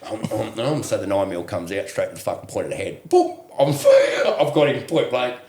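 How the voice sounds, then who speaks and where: Aussie guy cracking up while he tells a war yarn, swears a lot, lowish voice, echoey room. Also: moderate pace, slight background noise. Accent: Australian. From Australia. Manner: profane, laughing, animated storyteller. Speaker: veteran guest. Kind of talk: casual storytelling.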